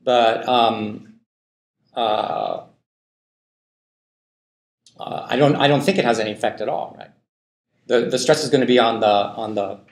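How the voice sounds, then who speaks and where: A man giving a university linguistics lecture, thinking aloud with many fillers and frequent "right?" checks to the class. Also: lowish voice. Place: lecture hall. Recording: echoey lecture hall.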